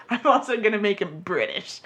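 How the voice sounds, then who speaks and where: A woman's voice: mid-range voice, animated, normal speed, a bit bright. Jokey woman co-host, laughs a lot. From North Carolina, US. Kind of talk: casual chat.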